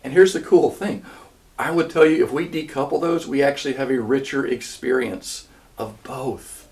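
A man's voice: medium pitch, normal speed, a little mellow. A man giving a sermon, earnest and conversational, often restarting his sentences. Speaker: church minister. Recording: voice a bit distant from mic.

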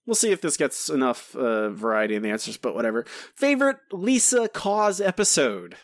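A man hosting a podcast, reading listener answers aloud in a relaxed, chatty way with some self-corrections. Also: mid-range voice, fairly quick, no room sound, clean studio sound. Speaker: podcast host.

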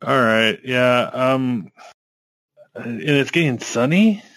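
A man's voice: mid-range voice, slow, a bit bright, no room sound. A man playing a character in a tabletop game, with dry, joking asides. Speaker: player. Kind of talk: tabletop role-play as a player.

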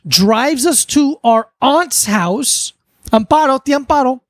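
A man's voice: extremely high pitch, lively intonation, slow pace, a bit bright, dry recording. A man from South Florida co-hosting a podcast, telling a childhood story in earnest, rambling casual chat. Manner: earnest, rambling with fillers and restarts. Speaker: podcast co-host. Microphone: podcast studio mic. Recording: dry close studio sound.

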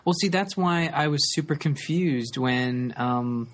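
Halting man repeating himself in chat. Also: a little high. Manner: halting, repeats words, fillers. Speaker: podcast co-host. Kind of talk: casual chat.

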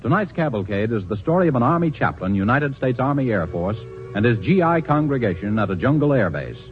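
A male radio announcer reading a formal script, crisp and declamatory, with a lively, swooping delivery. The sound is tinny and narrow, from a 1940s broadcast with music playing behind him. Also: medium pitch, brisk.

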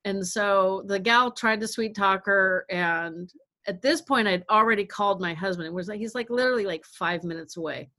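A woman's voice: medium pitch, normal speed, bright, forceful tone. A middle-aged woman telling a caregiving story in casual talk, acting out quotes and laughing often. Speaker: guest caregiver.

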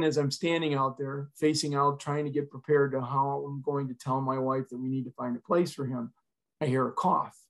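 A middle-aged man, a retired fire chief, telling a personal story in an earnest, emotional way as a podcast guest. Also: mid-range voice.

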